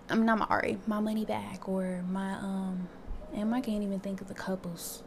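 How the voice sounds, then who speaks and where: A woman's voice: medium pitch, level tone, moderate pace, creaky, darkish tone, a little hiss or hum. A young woman hosting her own podcast, talking candidly in a casual monologue and swearing freely. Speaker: podcast host.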